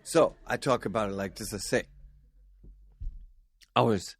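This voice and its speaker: A man's voice: on the low side, a little slow, slight background noise. Profane, rambling male vlogger. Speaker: vlog host and stand-up comic. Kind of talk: casual rambling monologue and stand-up bit.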